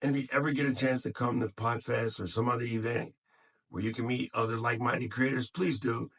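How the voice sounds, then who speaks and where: A man's voice: medium pitch, fairly even intonation, a little fast, a bit bright, husky. A man talking casually to camera, encouraging other podcasters in a tired voice, recorded on his phone. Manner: encouraging, motivational, loose and unscripted.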